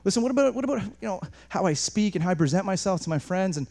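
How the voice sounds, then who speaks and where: With a high, gravelly voice and fast delivery, this male preacher swings from hushed asides to loud, emphatic stretches, frequently starting over mid-thought.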